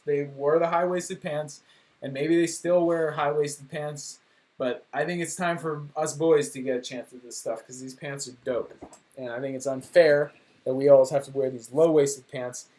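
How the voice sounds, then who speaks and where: A man's voice: fairly high pitch, a little mellow. A young man chatting casually on a livestream from home, rambling and joking at his own expense. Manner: rambling, joking, self-deprecating. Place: home room.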